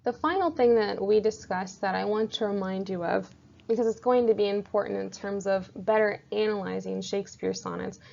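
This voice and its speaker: Gravelly-voiced woman teaching a lesson. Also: medium pitch, a little mellow. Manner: clear, methodical explaining. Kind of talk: recorded lecture. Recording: slightly dull lo-fi audio.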